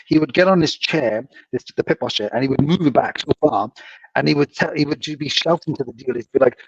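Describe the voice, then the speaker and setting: A man co-hosting a casual podcast chat, telling animated casino anecdotes and acting out the quotes. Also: a little high, fast talker, gravelly. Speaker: podcast co-host, former dealer. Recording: distant, dull lo-fi mic with faint noise.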